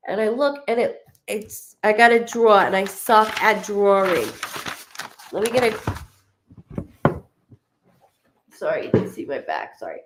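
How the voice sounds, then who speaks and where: A woman psychic medium giving a live-streamed reading, talking in a chatty, rambling, self-deprecating way. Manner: chatty, rambling, self-deprecating, acts out quoted spirits in higher voice.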